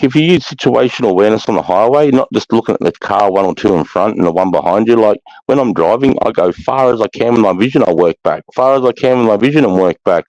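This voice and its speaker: A man's voice: lowish voice, darkish tone, no echo. A middle-aged Australian man hosting a casual livestream chat, swearing freely and calling people mate. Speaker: livestream host. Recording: dull, lo-fi stream audio.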